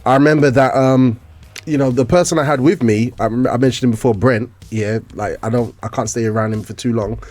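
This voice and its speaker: A man's voice: mid-range voice, a little fast, darkish tone. A young man hosting a faith-themed breakfast chat show, talking casually and laughing often. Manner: laughs often, restarts sentences. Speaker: host.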